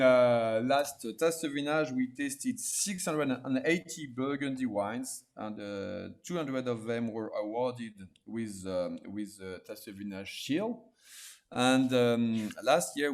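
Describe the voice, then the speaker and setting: Halting man hosting. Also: medium pitch, a little mellow. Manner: halting, many fillers and restarts. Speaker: host of an online wine tasting. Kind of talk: hesitant live presentation. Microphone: video call.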